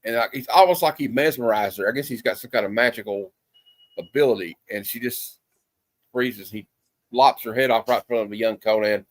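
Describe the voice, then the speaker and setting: A man of middle pitch hosts a casual film review. He rambles and restarts often, piling up fillers as he goes. The sound is close and dry, with no room around it. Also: brisk, no echo. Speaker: movie review host. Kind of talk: casual movie review chat. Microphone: streaming setup.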